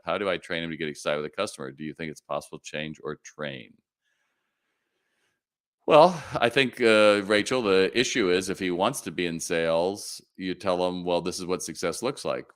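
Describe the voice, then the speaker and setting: Man, very low voice, live Q&A host, direct and motivational, retail advice. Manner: direct, motivational, animated with acted-out quotes. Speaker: retail consultant hosting a live Q&A. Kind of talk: live Q&A, answering viewer questions.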